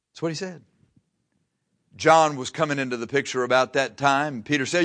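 A man's voice: medium pitch, moderate pace, pauses often, a bit bright. A man preaching, telling a Bible story in a folksy way and acting out the voices. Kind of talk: sermon.

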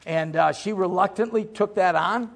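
A middle-aged pastor with a high, gravelly, husky-edged voice preaches a sermon at normal speed. Folksy and joking, he goes from loud emphasis to quiet asides.

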